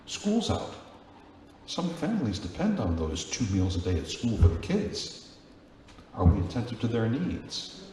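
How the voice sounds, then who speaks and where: A man with a lowish, mellow voice preaches a chatty Sunday homily as a Catholic priest, his pitch swooping wildly at a measured pace as he keeps questioning the congregation. The large church sounds very echoey, with long reverb, faint ambience and slight background noise.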